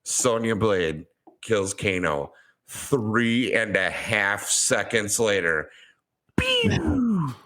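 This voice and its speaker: A young man with a slightly low voice rants his way through a podcast chat. He is sarcastic and heavy on profanity. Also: takes it slowly, sharp tone. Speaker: podcast co-host. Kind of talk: casual chat.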